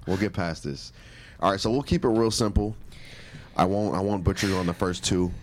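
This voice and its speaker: A man's voice: low-pitched, a little fast. A man hosting a playful spelling quiz on a radio show, teasing and laughing often, repeating his phrases. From Milwaukee. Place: radio studio.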